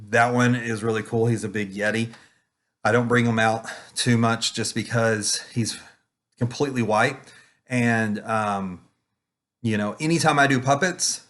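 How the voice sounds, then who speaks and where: A man's voice: medium pitch, fairly bright tone. A man who runs children's ministry with puppets, giving a casual conference talk full of ums and restarts. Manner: rambling, many ums and restarts. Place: home online presentation.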